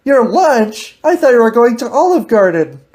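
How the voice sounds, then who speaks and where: A woman's voice: a little high, sing-song, normal speed, dark tone. A woman hosting a podcast, teasing and giggling through a casual improvised chat. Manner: giggly, teasing, laughs often. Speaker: podcast host.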